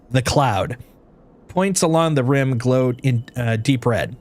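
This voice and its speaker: A man's voice: medium pitch, animated, slow pace. A man streaming a story game, reading its narration aloud with expression and breaking off for playful asides.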